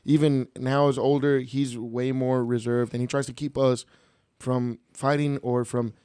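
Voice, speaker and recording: A young man from Texas tells animated stories as a podcast guest, laughing often and dropping Spanish words into his English. His voice is smooth and resonant. The recording is dry and close. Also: medium pitch, measured pace, no room sound. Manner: animated, laughing storyteller mixing in Spanish phrases. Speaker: podcast guest, mariachi musician. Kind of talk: casual storytelling chat.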